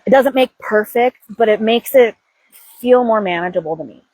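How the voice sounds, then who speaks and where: A woman's voice: a little high, normal speed, a little mellow, slight background noise, poor audio. A woman in her thirties hosting a casual self-help stream, speaking candidly, swearing freely and coaching herself aloud. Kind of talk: casual confessional chat.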